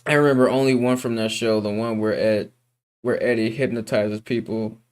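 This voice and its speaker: A young man streaming, chatting casually, rambling, swearing freely and drifting between loud bursts and mutters. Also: lowish voice, steady tone, moderate pace. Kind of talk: casual livestream chat.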